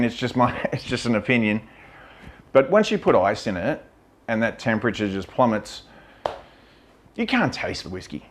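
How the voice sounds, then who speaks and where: A man with a fairly low voice talks casually about whisky, blunt and opinionated, swearing freely. He chats loosely with plenty of fillers as he tastes. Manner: chatty with many fillers. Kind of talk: casual whisky tasting talk. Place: lives in Vietnam.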